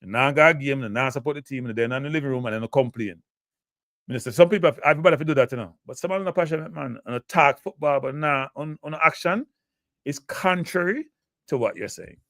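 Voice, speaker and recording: A man's voice: medium pitch, fast, fairly bright tone, dry recording, clean studio sound. A Jamaican man hosting a live football talk show, blunt and emotive, answering chat comments.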